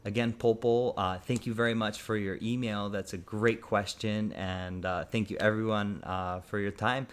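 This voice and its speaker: Soft-pitched man, thoughtful English teacher. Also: steady tone, moderate pace, hardly any pauses, smooth. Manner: thoughtful, frequent um and uh fillers. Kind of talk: casual video lesson.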